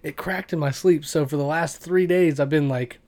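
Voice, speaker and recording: A man's voice: on the high side, moderate pace, a little mellow. A man co-hosting a podcast, chatting casually and throwing in teasing jokes. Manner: joking, teasing interjections. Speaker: podcast co-host. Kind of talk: casual chat.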